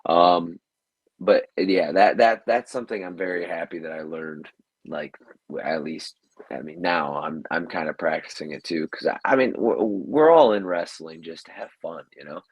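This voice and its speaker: Low husky-voiced man in casual talk. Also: moderate pace, no echo, low-quality recording. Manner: rambling, many fillers and restarts. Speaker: professional wrestler, podcast guest.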